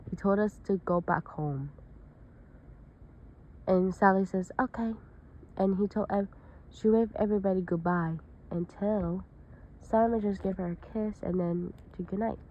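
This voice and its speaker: A woman's voice: mid-range voice, steady tone, moderate pace, warm tone. A woman telling a made-up story in one long rambling stream, linking events with "and then". Her voice sits in a middle range. The recording is a bit muffled and lo-fi. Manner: rambling, run-on narration with restarts. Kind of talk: casual improvised storytelling.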